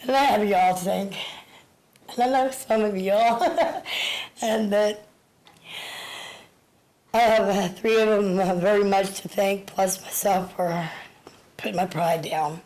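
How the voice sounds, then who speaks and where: A woman in her fifties speaks at a city council meeting. She is audibly out of breath, and her talk is emotional and halting, with words often repeated. Her voice sits at a middle pitch. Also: steady tone, a little mellow, rough recording. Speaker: public commenter. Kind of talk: public comment at a council meeting.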